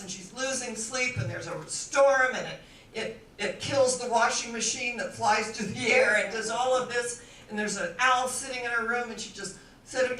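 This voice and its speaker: A woman minister gives a storytelling sermon, bright and forceful in tone, with a playful, animated delivery. She is recorded from a distance in an echoey hall. Faint noise sits under the voice. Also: mid-range voice.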